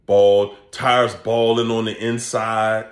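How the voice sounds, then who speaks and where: Man, vlog host, laughing, animated storytelling, echoey indoor room. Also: fairly low pitch, slow pace. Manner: laughs often, animated, acts out quoted voices. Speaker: channel host and coach. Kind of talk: casual comedic vlog rant.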